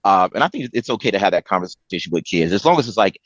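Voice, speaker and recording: A man's voice: sits low, sing-song, fast, no echo, dull audio. A man guest on a podcast, talking earnestly in casual chat, leaning on "you know" and laughing easily. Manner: earnest, repeats 'you know', laughs easily.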